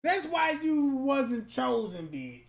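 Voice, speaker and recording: A man giving profane comedic roast commentary that is loud, crude and mocking, with sudden shouts. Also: very high-pitched, sing-song, slow pace, gravelly. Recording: roomy echoey room.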